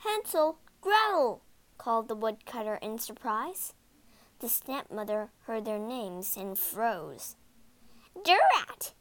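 A woman narrating a children's storybook aloud in an animated, dramatic way. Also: mid-range voice, slow. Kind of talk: expressive storybook read-aloud.

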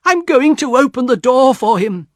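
A man voicing a frantic, shrill old mother. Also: expressive, moderate pace, no echo, clean studio sound. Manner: shrill pleading cries. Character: frantic grieving older mother.

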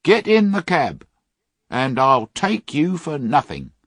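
Man putting on a kindly cab driver, firm and warm, lifted pitch, lively, storybook. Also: slow, no echo, clean studio sound, heavily acted.

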